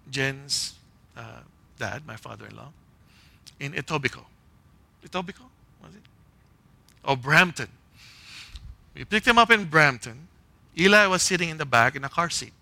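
A man's voice: mid-range voice, gravelly, bright, forceful tone, no room sound. A man preaching a conversational sermon, telling a personal story in short punchy phrases and often checking in with "right?" and "okay?". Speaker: pastor.

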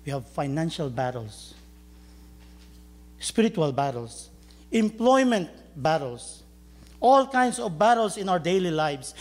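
A man's voice: on the high side, darkish tone. A man preaching a sermon, telling a story and joking with his congregation. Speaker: pastor.

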